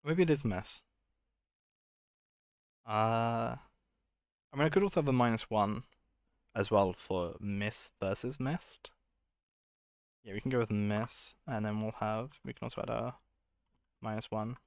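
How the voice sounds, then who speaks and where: A man's voice: fairly low pitch, unhurried, long pauses, no room sound, studio quality. A man streaming himself coding, thinking aloud in a casual, muttering way and correcting himself as he goes.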